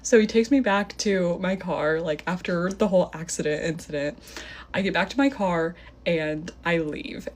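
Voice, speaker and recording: A woman's voice: fairly low pitch, normal speed. A young woman telling a casual storytime to her phone in a chatty, filler-heavy way, acting out what people said. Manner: chatty, filler-heavy retelling with acted-out quotes.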